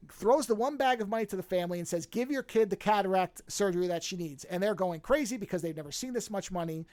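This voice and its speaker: A man's voice: high-pitched, no echo. A man on a casual podcast, telling a movie story with lots of energy. He jumps into the characters' lines and swears freely as he goes. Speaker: podcast host. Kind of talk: casual chat.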